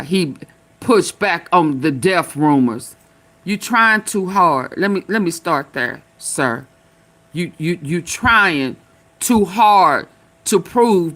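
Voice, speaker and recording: A woman's voice: fairly low pitch, fairly bright tone. A woman hosting a casual live stream, talking back at video clips with sassy, loose slang.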